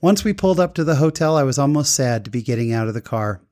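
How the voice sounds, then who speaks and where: An upbeat man hosting a talk show, moving between easy chat with guests and an earnest personal story. His voice sits at a middle pitch and he speaks warmly and sincerely. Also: animated, quick pace.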